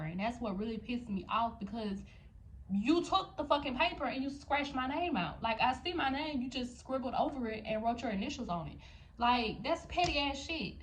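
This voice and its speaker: A woman's voice: fairly high pitch, a bit bright, slight background noise, poor audio. A young woman vlogger telling a story to her viewers, heated and profane, addressing them directly. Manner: talks straight to viewers. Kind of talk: storytime vlog.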